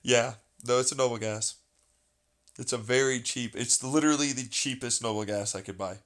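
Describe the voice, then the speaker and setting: A man's voice: mid-range voice, normal speed, a bit bright. A man talking casually and at length, ranting with plenty of swearing and a sarcastic edge. He rambles from point to point, restarting thoughts as he goes.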